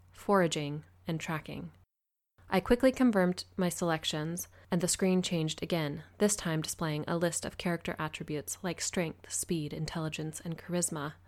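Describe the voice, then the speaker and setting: A woman narrating an audiobook in the first person, in an even, measured reading. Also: on the low side.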